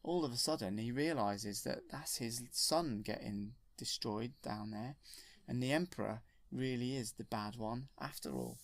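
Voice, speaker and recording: Rambling storyteller, gravelly edge, dry close sound. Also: male voice, medium pitch, unhurried, no echo. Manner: rambling and enthusiastic, with self-corrections. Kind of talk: retelling a film from memory.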